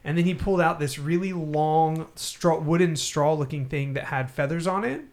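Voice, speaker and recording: A man's voice: on the high side, moderate pace. A man telling a long personal story in casual podcast chat, rambling and laughing often.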